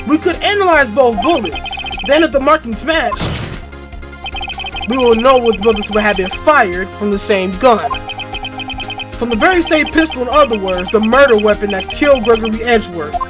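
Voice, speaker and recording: A woman voicing a confident young male defense lawyer, reading his case in a measured, lower tone over game music. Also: lively intonation, natural voice. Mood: determined. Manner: measured, explanatory reading of dialogue.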